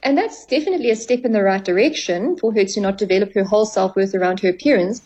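A woman therapist on a radio interview talks quickly in a medium-pitched, darkish voice, explaining things at length and acting out quoted dialogue with clients. The recording is rough.

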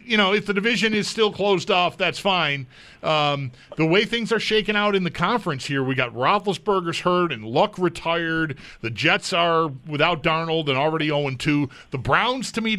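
A man's voice: on the high side, pushed and bright. A man co-hosting sports radio talk, rambling a bit with fillers and chuckles.

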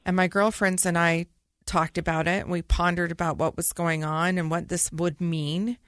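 A woman's voice: on the low side, little pitch movement, normal speed, a bit bright, no echo, clean studio sound. A middle-aged woman, a podcast co-host, earnestly telling a personal story in vivid detail.

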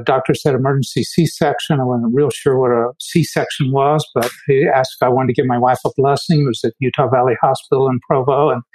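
A man's voice: mid-range voice, darkish tone, poor audio. A man from the United States telling personal stories in an earnest, reflective way, often restarting his sentences. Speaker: guest speaker. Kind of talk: personal storytelling.

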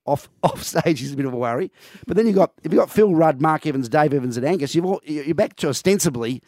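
A man's voice: a little high, lively intonation, fast talker, a little mellow, no echo, studio quality. A man co-hosting breakfast radio, chatting passionately with lots of ums and restarts. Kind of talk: casual radio chat. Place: radio studio. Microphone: close studio mic.

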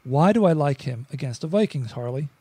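Man, podcast co-host, chatty and joking, mellow tone, dry close sound. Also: fairly high pitch, expressive, a little fast, breathy edge, dry recording. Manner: joking, chatty, with stammering restarts. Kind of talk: casual sports podcast chat.

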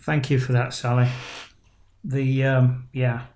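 A man's voice: medium pitch, little pitch movement, slow, a little mellow. Thoughtful man hosting an interview. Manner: thoughtful, winding, emphatic phrasing. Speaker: interview host. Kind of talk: conversational interview.

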